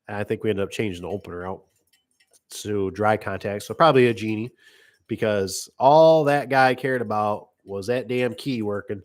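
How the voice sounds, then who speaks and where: A man's voice: fairly low pitch, normal speed. A middle-aged man who runs a garage door business, telling rambling work stories in casual chat. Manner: rambling, acts out customer voices. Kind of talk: casual storytelling monologue.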